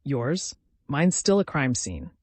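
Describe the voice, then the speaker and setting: Guy reading as a shaken young woman begging softly, dry recording. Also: mid-range voice, big pitch swings, slow, husky, no echo, heavily acted. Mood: weary. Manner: pleading, earnest. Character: frightened young woman, pleading and remorseful.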